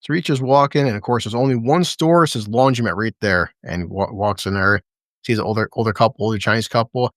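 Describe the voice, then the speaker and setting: A man's voice: fairly low pitch, a little fast, fairly bright tone, no room sound. Guy rambling through an episode recap, swears constantly, laughs a lot, dry close sound. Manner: rambling, profane, laughing often. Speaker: show recap host. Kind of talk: casual livestream episode recap.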